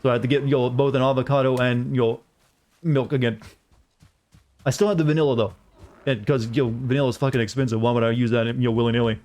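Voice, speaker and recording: A man's voice: medium pitch, steady tone, fast, darkish tone. A young man from the southern United States, a streamer chatting casually and rambling as he plays, swearing now and then. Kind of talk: casual chat while gaming.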